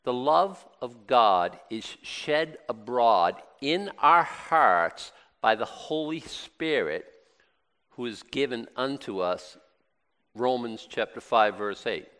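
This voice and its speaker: A man's voice: medium pitch, animated, takes it slowly, a bit bright, smooth, big-room sound. A middle-aged man preaching a sermon in a conversational way, with plenty of rhetorical questions and repeated phrases.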